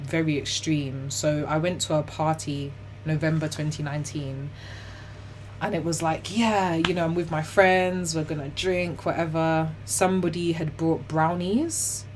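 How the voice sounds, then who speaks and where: A young woman, telling her own story as an interview guest in a chatty, animated way, full of "like" and "you know". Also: deep voice, a little slow, slight background noise. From Ghana and the UK. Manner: laughs often while telling hard stories.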